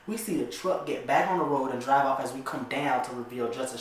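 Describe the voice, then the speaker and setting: A man reads a film script aloud in a casual, chatty way, breaking off to laugh and comment on it. His voice sits at a middle pitch and rings in a very echoey room. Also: a little fast, hardly any pauses, slight background noise. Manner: amused, chatty asides. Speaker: vlogger.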